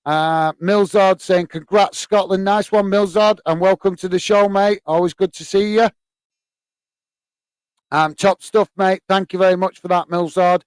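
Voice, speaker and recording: A man's voice: high voice, steady tone, unhurried, clear, resonant tone, dry recording. An English man hosting a live football stream, reading fan comments aloud with lots of fillers and friendly "mate" replies. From England. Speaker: host reading live chat.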